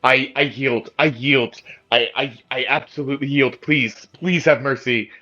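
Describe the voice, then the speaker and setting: A man's voice: mid-range voice, steady tone, measured pace, sharp tone, highs cut off, voice pushed up. A man doing a terrified, stammering elf archer. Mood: pleading. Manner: pleading, stammering repeats. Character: frightened male elf archer surrendering.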